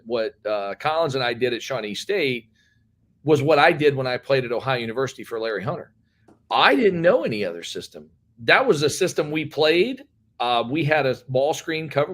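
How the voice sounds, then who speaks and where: A man, a head basketball coach, telling stories in a casual, rambling interview. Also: medium pitch. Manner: rambling, animated storyteller.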